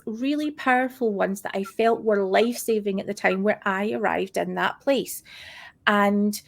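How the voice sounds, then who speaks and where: A woman speaking earnestly in a casual panel discussion, pausing and restarting as she searches for words. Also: mid-range voice. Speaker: podcast panelist.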